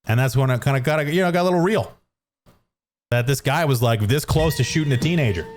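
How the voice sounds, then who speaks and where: A Canadian streamer with a mid-range, brisk voice casually tells a story while gaming at home. He sits close to a studio dynamic mic, rambling, restarting sentences with lots of fillers, and constantly poking fun at himself.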